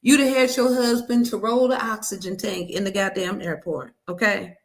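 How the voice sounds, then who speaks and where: A woman's voice: medium pitch, steady tone, moderate pace. A woman giving reaction commentary, outraged and emphatic, cussing.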